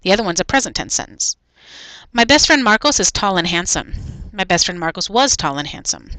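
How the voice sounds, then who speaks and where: Bright-voiced woman teaching a lesson. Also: medium pitch, big pitch swings, dry recording, poor audio. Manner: explains slowly and repeats each point in Spanish then English. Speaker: Spanish teacher. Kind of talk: recorded video lesson.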